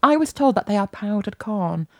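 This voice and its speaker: A woman's voice: mid-range voice, lively intonation, moderate pace, darkish tone, no echo, clean studio sound. A woman co-hosting a food podcast, chatting casually in a wry, teasing way with plenty of fillers. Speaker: podcast co-host. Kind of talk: casual chat.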